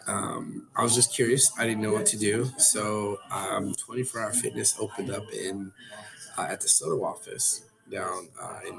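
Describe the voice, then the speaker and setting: Guy with a low gravelly voice rambling through his story, lots of likes, music going behind. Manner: relaxed, rambling, many likes and restarts. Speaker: guest. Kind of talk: casual storytelling. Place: coffee shop.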